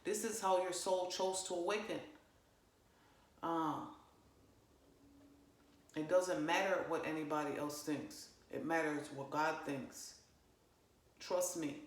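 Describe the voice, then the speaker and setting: Profane, animated woman in an echoey room. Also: low voice, slow pace, pauses often. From parents from Jamaica. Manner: profane, animated, emphatic, fillers. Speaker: spiritual channeler vlogger. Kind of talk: casual spiritual monologue. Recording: roomy echo.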